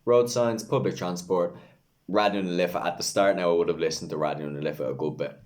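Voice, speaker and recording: A man's voice: deep voice, fairly even intonation, a little fast, darkish tone. A young man with a Dublin accent, talking candidly and rambling in casual vlog chat, swearing freely. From Ireland. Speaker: vlogger, English language teacher.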